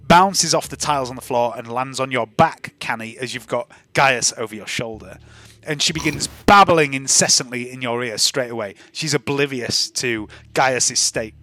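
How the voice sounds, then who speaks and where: Bright-voiced male game master. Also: mid-range voice. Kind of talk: narrating a tabletop game.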